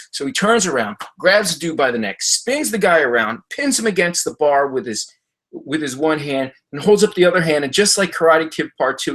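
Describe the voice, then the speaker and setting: A middle-aged man talking casually to viewers on a livestream from his home library, telling stories in a rambling, halting way with lots of fillers. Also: fairly bright tone. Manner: jumps high when mimicking others in stories. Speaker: livestream host answering viewer comments. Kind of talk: casual livestream chat and storytelling.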